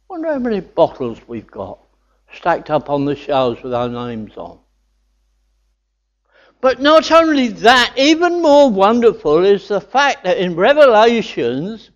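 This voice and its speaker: An older man delivers a sermon at an unhurried, deliberate pace, his voice sitting a little high. He moves between earnest reflection and rising, joyful exclamations of wonder. The recording sounds dull and lo-fi. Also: big pitch swings. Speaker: preacher.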